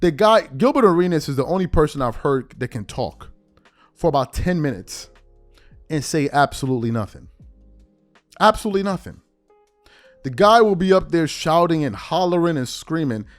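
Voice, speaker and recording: A man's voice: fairly high pitch, normal speed, long pauses, dry recording, faint music behind. A man hosting a podcast, giving blunt, mocking sports commentary. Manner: animated, blunt and mocking, with mock-quoted asides. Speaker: podcast host. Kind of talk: opinionated commentary.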